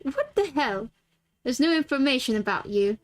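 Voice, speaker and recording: A woman's voice: high-pitched, big pitch swings, moderate pace. A woman voicing a haughty male ruler of a void in a put-on British accent, reading game dialogue aloud in a clipped, impatient way. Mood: irritated.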